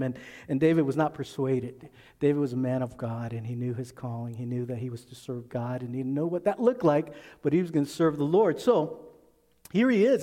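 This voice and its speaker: A man's voice: on the high side, warm tone. A male pastor giving a sermon, reading scripture and then retelling it in a casual storytelling way. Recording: long reverb of a large hall.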